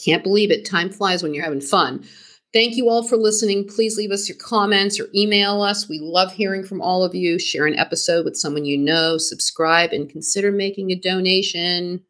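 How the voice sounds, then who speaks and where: Bright-voiced woman narrating true crime. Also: on the low side, moderate pace. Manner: reads from a script, dramatic storytelling. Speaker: podcast co-host.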